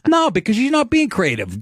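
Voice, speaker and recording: A middle-aged man hosting a podcast, telling stories in a brash, profane, animated way. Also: sits high, normal speed, dry recording, studio quality. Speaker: podcast host, comedian. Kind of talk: casual podcast chat.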